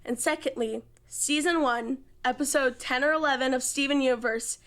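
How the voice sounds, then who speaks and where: A young woman in casual conversation who reads her own poetry. Her voice sits a little high. She reads softly and hushed, slipping into whispers on some lines. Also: normal speed. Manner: soft, hushed delivery with whispered lines in the poem. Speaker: poet guest. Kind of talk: casual chat and poetry reading.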